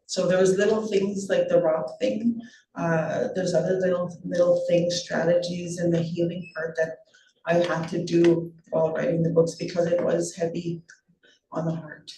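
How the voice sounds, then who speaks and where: A woman author speaking gently and reflectively to an audience at a book launch. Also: lowish voice, level tone, moderate pace, slight background noise. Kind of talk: casual talk to an audience. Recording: roomy sound from a distance.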